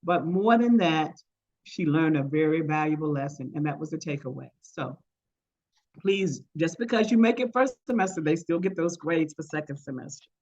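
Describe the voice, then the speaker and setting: A woman's voice: low voice, lively intonation, normal speed, a little mellow, lo-fi sound. An older woman, a retired teacher, presenting an online workshop and telling stories with acted-out quoted voices. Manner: storytelling, acts out quoted voices. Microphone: video call.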